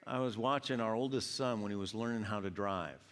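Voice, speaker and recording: A man from Georgia preaching a sermon, telling animated stories and acting out quoted voices. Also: fairly low pitch, a little fast. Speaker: pastor. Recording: long hall reverb.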